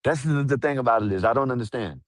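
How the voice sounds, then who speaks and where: A man's voice: medium pitch, fast talker, dry recording. Stammering, defensive man with a dry sound. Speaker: panel guest on a live stream. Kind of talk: heated argument on a live stream.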